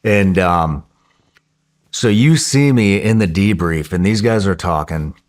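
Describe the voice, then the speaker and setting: A man telling a story in a podcast interview in a casual, profane, excitable way, often restarting his sentences. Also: deep voice, unhurried.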